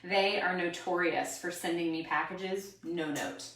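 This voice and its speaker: A woman's voice: fairly low pitch, unhurried, fairly bright tone. A woman co-hosting a casual home cooking video, playful and giggly, fond of wordplay. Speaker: cooking show co-host. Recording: echoey room, distant mic, faint noise.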